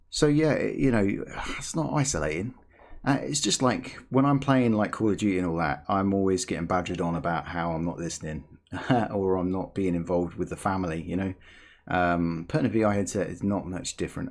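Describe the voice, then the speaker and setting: A man hosting a gaming channel, ranting in rambling, animated commentary with many restarts. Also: on the low side, gravelly.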